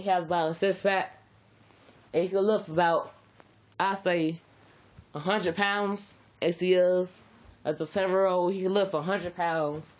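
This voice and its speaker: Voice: medium pitch, muffled recording. A storyteller improvising a fan-fiction story in a rambling, casual way, repeating words and using slang.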